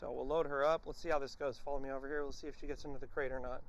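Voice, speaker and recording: A man's voice: medium pitch, flat delivery, very fast, a little hiss or hum. Man training a dog, firm commands. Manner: short firm commands to the dog between explanations; addresses viewers directly as folks. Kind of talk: instructional commentary while training a dog.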